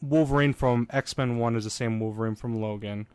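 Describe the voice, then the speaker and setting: Rambling male podcaster, mid-pitched, dry recording. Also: steady tone, moderate pace, a little mellow, smooth, no room sound. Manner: rambling, many fillers. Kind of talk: casual podcast chat.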